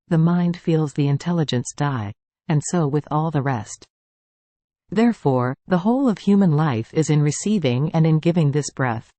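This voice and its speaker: A reader of devotional writings, speaking in a calm, even, measured way as a steady scripted reading. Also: medium pitch, no room sound.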